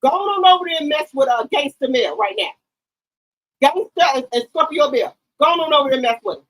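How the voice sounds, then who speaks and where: Loud, profane woman gossip host. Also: sits high, lively intonation, fairly quick, low-quality recording. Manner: loud, profane, emphatic hype; talks straight to her chat viewers. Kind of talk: casual reality-TV commentary.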